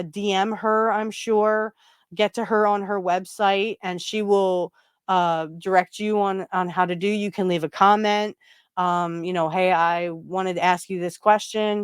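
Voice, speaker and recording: Smooth-voiced woman hosting a chatty podcast. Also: mid-range voice, no room sound, clean studio sound. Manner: rambling, full of fillers and restarts. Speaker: podcast host. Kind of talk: casual spiritual chat.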